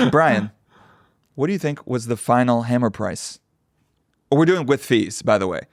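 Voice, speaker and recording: A man's voice: mid-range voice, slow pace, creaky, dry recording, clean studio sound. A man co-hosting a podcast, telling stories animatedly with swearing and impressions. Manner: animated storyteller, swears, mimics people he overheard. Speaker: podcast co-host. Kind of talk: casual chat.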